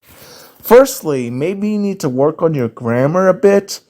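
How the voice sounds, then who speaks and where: A man with a Southern US accent answers viewer questions in a casual, ranting commentary, talking slowly with many fillers. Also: a little high, expressive, warm tone. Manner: slow, drawn-out delivery with many fillers.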